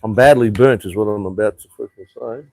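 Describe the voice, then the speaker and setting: Aussie guy streaming off his phone at a rooftop bar, reads comments, swears a lot, low voice. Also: brisk, creaky, a little mellow, no echo. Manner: rambling, swears freely, reads viewer comments aloud. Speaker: live streamer. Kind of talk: casual live stream chat. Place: outdoor rooftop bar on an island.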